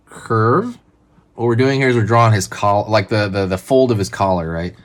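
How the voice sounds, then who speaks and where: A man's voice: on the low side, moderate pace. A man hosting a drawing tutorial, talking casually and calling out each stroke as he draws. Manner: relaxed, chatty, narrates each pen stroke. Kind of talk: casual step-by-step drawing instruction.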